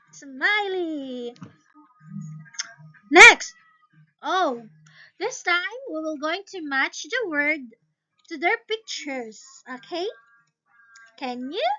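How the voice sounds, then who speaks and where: A woman's voice: very high-pitched, lively intonation, very slow, long pauses, sharp tone, faint music behind. A woman teaching a demo lesson to a young child, with exaggerated sing-song praise. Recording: muffled lo-fi recording.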